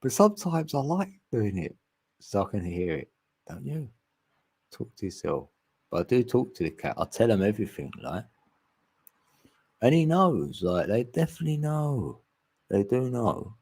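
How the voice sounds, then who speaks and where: A man's voice: mid-range voice, sing-song, normal speed, long pauses, a little mellow, husky, no echo. A man, rambling and laughing often in casual chat as a livestream host.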